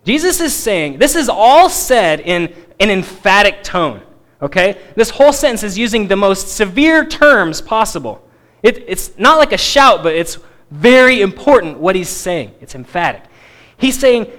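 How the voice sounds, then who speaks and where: A man teaching a Bible passage in a sermon, stressing key words emphatically and dropping to quiet asides. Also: high-pitched, sing-song, unhurried. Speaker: preacher.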